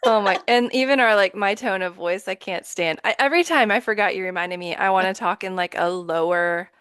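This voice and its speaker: A woman's voice: mid-range voice, fairly quick, fairly bright tone, clear, resonant tone, no echo. A woman co-hosting a podcast with a sweet, girlish voice, joking at her own expense and laughing often. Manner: self-deprecating, laughs often. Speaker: podcast co-host. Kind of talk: casual podcast conversation.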